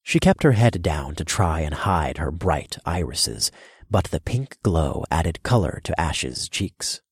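Deep husky male audiobook narrator. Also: big pitch swings, takes it slowly, no echo, studio quality. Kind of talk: scripted first-person narration.

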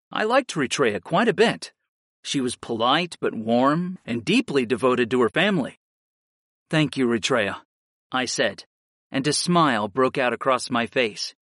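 A man reading a first-person story aloud in an expressive audiobook style. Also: medium pitch, no echo, studio quality. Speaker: narrator.

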